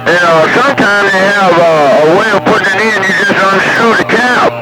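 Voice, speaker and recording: A man's voice: high voice, normal speed, poor audio. A man rambling and teasing over CB radio. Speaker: CB radio caller. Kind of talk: casual CB radio banter. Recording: voice over CB radio with loud music.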